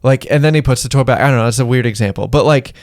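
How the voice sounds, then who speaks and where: A man's voice: mid-range voice, racing, no room sound. Dry-voiced man giving casual advice. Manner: rambling, offhand, acts out little dialogues. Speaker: podcast co-host.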